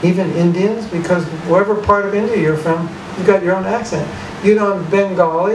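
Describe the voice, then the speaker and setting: A man's voice: sits high, steady tone, a little fast, hardly any pauses. A man leading a devotional chanting workshop in a temple hall, talking conversationally with rhetorical questions and frequent "you know"s. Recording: echoey hall, distant mic, background noise.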